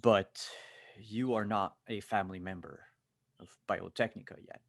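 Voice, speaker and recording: A man's voice: on the low side, fairly even intonation, unhurried, vocal fry. A man voicing a nervous male corporate recruiter who stammers and hedges in a tabletop game. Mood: evasive nervous. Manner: stammering, hesitant.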